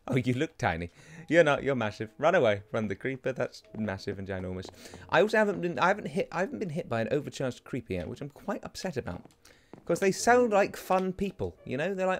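A man's voice: on the high side, very animated, fairly quick. A young man giving chatty, rambling gameplay commentary as a let's play host, talking to the creatures in his game. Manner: chatty, rambling and self-mocking.

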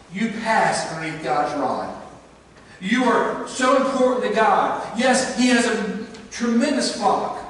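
A man preaching a sermon, telling a story in an earnest way, dropping to a hush and then rising to emphasis. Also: high voice, a little hiss or hum. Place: church sanctuary. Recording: echoey church hall, mic at a distance.

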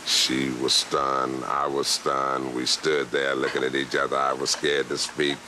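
A man being interviewed, telling a personal story slowly and with measured pauses. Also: a bass voice, monotone, bright, forceful tone, a little hiss or hum.

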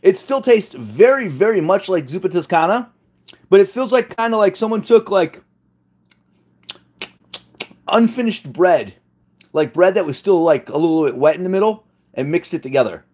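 A man's voice: sits high, lively intonation, normal speed, pauses often, darkish tone, husky. A man hosting a cooking challenge from his home kitchen, talking casually and jokingly to a live audience. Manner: chatty, joking, self-deprecating. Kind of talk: casual live-stream chat.

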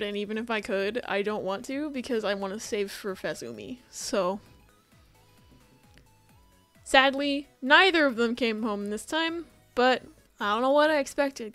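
A woman's voice: fairly high pitch, a bit bright. A woman doing casual commentary on her game pulls, chatty, begging for good luck and swearing when it fails. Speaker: gaming YouTuber. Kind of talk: casual gacha pull commentary.

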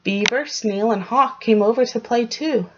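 A woman teacher reading a storybook aloud to young children, gently explaining and asking them questions, in a dull lo-fi recording. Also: a little high, a little slow, background noise.

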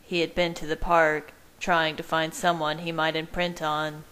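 A woman with a low voice reading fan fiction aloud in the first person. She narrates at a steady, measured pace. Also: rough recording. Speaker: reader.

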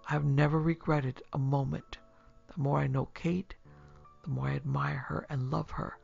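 A woman reading as a feverish young man, gravelly and husky, muttering in dreadful whispers. The voice is quite deep, over a dull recording with faint music behind it. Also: flat delivery, moderate pace, darkish tone, heavily acted. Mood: cheerful. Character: feverish tormented young male student.

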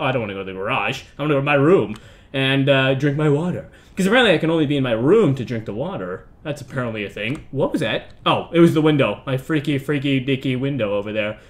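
A man's voice: mid-range voice, lively intonation, fast. A man giving rambling, joking let's-play commentary on a horror game, jumping between mock outrage and mumbled asides. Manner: rambling, jokey, chatting to himself and characters.

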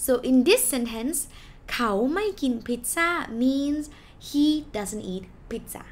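A woman's voice: sits high, animated. Patient woman teaching a language lesson. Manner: slow, patient explaining with repeated example words.

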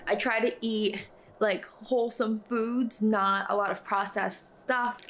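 A woman's voice: medium pitch, fairly even intonation, slow, a bit bright, a little hiss or hum. A young woman chatting casually to camera in a vlog, upbeat and full of "like". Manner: chatty, upbeat, says "like" often. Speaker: vlogger and disc golfer.

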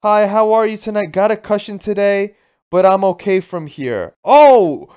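A man from Florida streaming a video game live, casually chatting with viewers, swearing and breaking into excited outbursts. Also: high-pitched, moderate pace, clean tone, dull audio.

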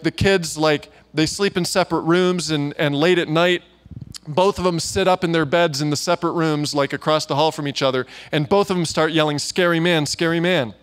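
A man preaching at a church gathering, telling stories in a chatty, informal way with many fillers and asides. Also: fairly high pitch. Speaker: guest preacher. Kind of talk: conversational sermon with storytelling.

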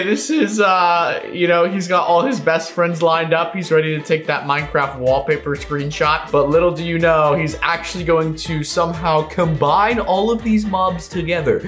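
A young man hosting an excited reaction commentary, exclaiming and bursting into loud laughter. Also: on the high side. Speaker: YouTuber host. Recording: echoey room with music behind. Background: background music.

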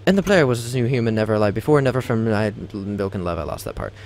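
Young male let's-play host, lowish gravelly voice, dramatic reader who breaks in with jokes. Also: animated, quick pace, darkish tone, a little hiss or hum. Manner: theatrical reading with stumbles and joking asides. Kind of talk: dramatic reading over gameplay.

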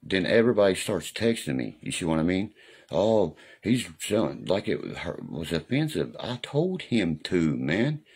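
A man's voice: low-pitched, very animated, moderate pace, few pauses, a little mellow, husky. A man talking casually on a live stream in a rambling, profane way, often asking if you know what he means. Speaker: livestreamer. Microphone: phone or webcam on a live stream.

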